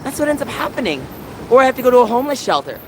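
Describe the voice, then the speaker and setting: A man's voice: extremely high pitch, very animated, very fast, poor audio. A man live-streaming from his phone outdoors, talking to his chat in distressed, pleading rants. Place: outdoors on city streets. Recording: phone stream with loud street noise.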